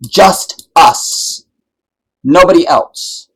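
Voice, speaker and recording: A man hosting a live stream, talking in an impassioned, preachy way that builds to loud, emphatic peaks and keeps checking that his listeners follow. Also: fairly high pitch, drawn-out words, breathy edge, poor audio. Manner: preachy, builds to loud emphatic peaks, keeps asking "you see what I'm saying". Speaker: livestream host.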